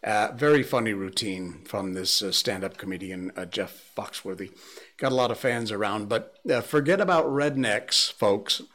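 A man from Connecticut hosting a casual talk show, chatty, laughing and filling pauses with "uh" and "um". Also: a bit bright. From Connecticut, New England. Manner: coaxing his dog in a high playful voice, then chatty and laughing. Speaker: show host. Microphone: studio mic.

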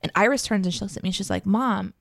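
A woman's voice: medium pitch, racing, no room sound, studio quality. A woman in her thirties, a podcast co-host telling a story in casual chat, swearing freely and acting out the voices of the people in it.

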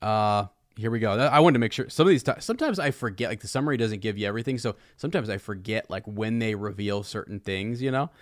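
A man's voice: lowish voice, quick pace, hardly any pauses, dry recording, clean studio sound. A man who hosts a podcast, reading passages from a book aloud and chatting about them casually. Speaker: podcast host.

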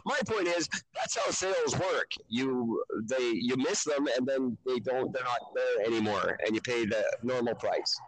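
A man's voice: medium pitch, animated, normal speed, few pauses, rough recording. A man co-hosting a podcast in casual chat, rambling and wry with a sarcastic edge. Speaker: podcast co-host.

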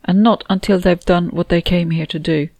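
A woman reading a kind man in an audiobook, who speaks gently and reassuringly. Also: on the low side, steady tone, moderate pace, vocal fry, no room sound. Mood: gentle.

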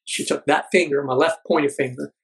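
A middle-aged man, a podcast guest, telling a personal story earnestly, halting with many fillers. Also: fairly high pitch, fairly even intonation, vocal fry, breathy edge, poor audio.

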